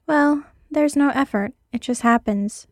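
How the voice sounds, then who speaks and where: A woman's voice: high voice, measured pace, darkish tone, no echo, clean studio sound, pitched above the performer's own voice. A woman voicing Parker, a blunt, quirky female thief, in a read-aloud story.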